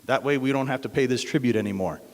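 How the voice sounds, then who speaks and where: Dude doing a determined young hero, echoey hall. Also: male voice, medium pitch, quick pace, close to an everyday voice. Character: bold young male hero.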